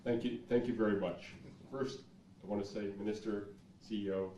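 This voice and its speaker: A man with a Southern US accent giving a brief, measured congratulatory speech as a guest. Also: on the low side, steady tone, warm tone. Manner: measured, lists words deliberately. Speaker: guest speaker. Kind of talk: short formal speech. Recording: distant echoey hall mic with noise.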